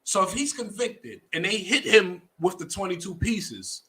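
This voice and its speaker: Husky, forceful New man ranting. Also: sits high, very animated, measured pace, rough recording. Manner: blunt, profane ranting with repeated phrases; swings between muttering and loud outbursts. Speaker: livestream host. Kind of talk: opinionated commentary on a news story.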